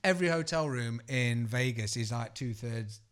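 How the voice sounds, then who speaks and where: A man's voice: mid-range voice, moderate pace, smooth. Foul-mouthed man spinning anecdotes. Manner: swearing, animated anecdote-teller. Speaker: podcast co-host. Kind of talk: casual podcast chat.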